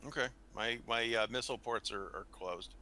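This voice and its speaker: A man's voice: mid-range voice, moderate pace, pushed and bright. A man playing a tabletop game, chatting casually and stumbling over his words. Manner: hesitant, repeats words. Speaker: player.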